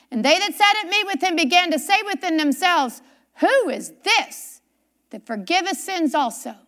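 High, lively woman preaching a sermon. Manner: reads scripture aloud and repeats key phrases for emphasis; questions the congregation directly.

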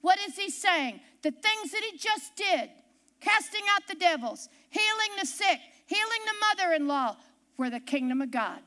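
A woman pastor delivers a sermon from a church pulpit, with a very high voice and a bright, forceful edge. She tells stories emphatically, driving her points home by repeating key phrases. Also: animated, normal speed.

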